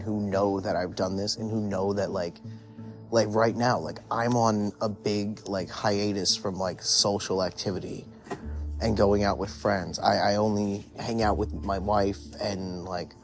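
A young man casually telling a candid personal story, rambling and full of "like" fillers. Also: lowish voice. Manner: rambling, heavy use of "like"; candid, confessional. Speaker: podcast host.

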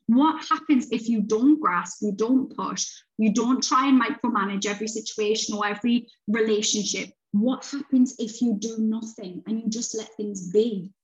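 A middle-aged woman, an author chatting casually as a podcast guest, animated and swearing freely. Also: fairly high pitch, moderate pace, hardly any pauses. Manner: animated, swearing, talks in quoted self-talk. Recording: slightly dull, lo-fi sound.

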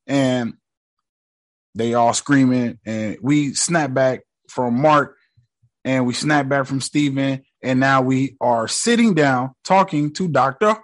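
A man's voice: mid-range voice, big pitch swings, measured pace. A man casually recapping a TV episode in slangy, joking talk, mockingly quoting the characters. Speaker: show recap host.

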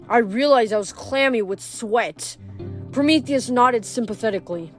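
A woman reading a novel aloud, briskly and expressively. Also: a little high, soft background music. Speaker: reader.

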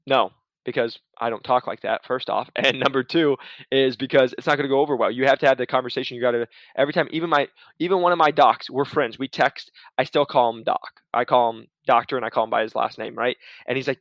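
A man's voice: mid-range voice, fairly even intonation, a little fast, a bit bright, no room sound. A man giving casual career advice in a chatty, laid-back way, full of restarts and asides. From Arizona.

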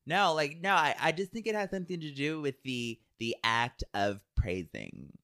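A woman chatting on a podcast with her sisters, her voice rising and falling in lively swoops. She teases and trails off into fillers as she searches for words. The sound is close and dry. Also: low voice, normal speed, dry recording. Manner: animated, teasing, lots of "like" restarts. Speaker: podcast co-host. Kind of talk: casual chat among sisters.

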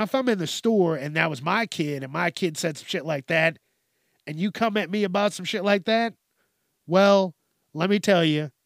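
Male host, casual rant, heavy profanity, slightly high pitch. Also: vocal fry, no room sound, clean studio sound. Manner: profane, ranting, blunt. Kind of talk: casual news commentary.

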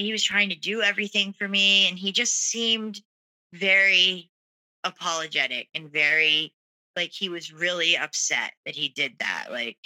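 Earnest and candid, a female guest shares a personal story at medium pitch, her tone bright and forceful. Her speech is heavy with "you know" and "like," and the audio is poor.

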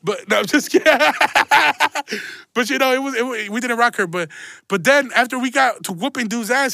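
A man's voice: very high voice, pushed and bright, dry recording, studio quality. A young man hosting a podcast, telling a long story in casual, slangy, profane talk and laughing along the way. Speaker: podcast host.

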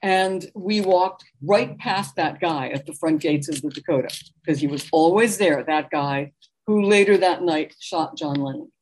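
A middle-aged woman with a slightly low voice, spinning animated stories as a guest in an interview. She talks in a relaxed, anecdotal way, with little laughs along the way. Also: measured pace, slight background noise. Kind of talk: conversational interview storytelling.

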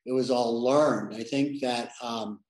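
A man's voice: mid-range voice, steady tone, a little slow, darkish tone. A man being interviewed, talking reflectively with many restarts. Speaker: interview guest, sales leader. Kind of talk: conversational interview. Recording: echoey room.

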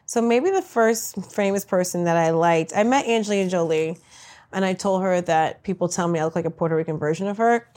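A woman comedian answering rapid-fire interview questions with brash, crude, self-mocking punchlines. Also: fairly low pitch, darkish tone.

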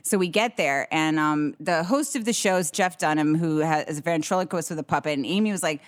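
A woman's voice: deep voice, a little fast, hardly any pauses. A woman comedian telling a funny anecdote in casual chat, often laughing. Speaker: comedian co-host.

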